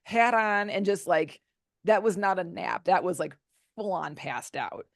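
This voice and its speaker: Speaking unhurriedly in a lowish voice with vocal fry, a woman author appears as a podcast guest and candidly recounts a personal story. She acts out the quotes as she goes, animated throughout. The studio sound is clean, with no echo.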